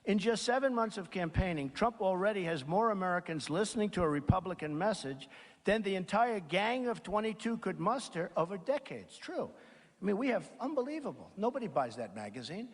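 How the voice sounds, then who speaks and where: A man's voice: sits high, lively intonation, fairly quick. A man giving a campaign rally speech in a large packed auditorium, rambling and repetitive, reading out quotes and then riffing on them. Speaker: campaign speaker. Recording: long reverb of a big hall. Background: crowd in a large hall.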